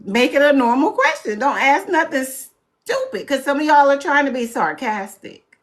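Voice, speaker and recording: A woman's voice: high voice, normal speed. A woman hosting a casual live talk, presenting slides and speaking bluntly and animatedly to her viewers. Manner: blunt, scolding and animated, addresses viewers as y'all.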